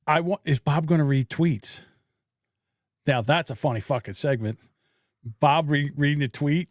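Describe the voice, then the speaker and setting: A man's voice: fairly high pitch, moderate pace, no echo, clean studio sound. A man hosting a casual chat show, joking and playful. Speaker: host.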